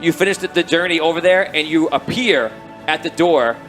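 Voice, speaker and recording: A man narrating a tabletop game as game master, telling the scene in a rambling, animated way. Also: fairly high pitch, normal speed, faint music behind. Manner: rambling, animated storytelling with restarts.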